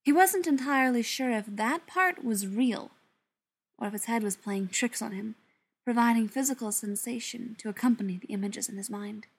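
A woman reading a story aloud in a soft, often half-whispered voice. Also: on the high side, moderate pace, slightly rough. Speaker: narrator. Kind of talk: audiobook narration.

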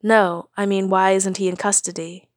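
A woman voicing a young male hero who is earnest and stunned, at times raising his voice and at times speaking in a hush. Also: medium pitch, flat delivery, normal speed, no echo, clean studio sound, lightly acted. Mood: incredulous. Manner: earnest, disbelieving, often hushed.

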